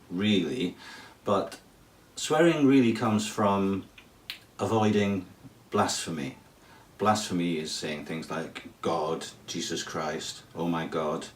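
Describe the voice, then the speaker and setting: Slow, deep-voiced man explaining. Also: distant mic, slight background noise. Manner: chatty, wry, humorous asides. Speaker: English teacher. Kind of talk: casual explainer video. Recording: roomy, off-mic sound.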